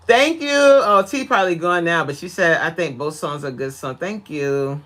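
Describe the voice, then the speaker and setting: A woman's voice: low voice, normal speed. Fitness coach lady chatting on her tablet stream, voice swoops up and down, laughs a lot. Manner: animated, laughs often, chatty, reads viewer comments aloud. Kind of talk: casual livestream chat. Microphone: tablet mic.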